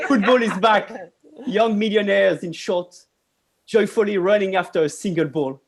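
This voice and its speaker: A man performing a stand-up set over a video call, in a slow, mock-blissful ironic delivery. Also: high-pitched. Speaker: stand-up comic.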